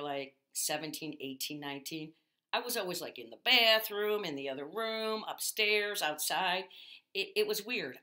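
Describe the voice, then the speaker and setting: Woman comedy host, casual and chatty, fairly low voice that swings a lot. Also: bright, forceful tone. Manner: chatty, rambling, quick.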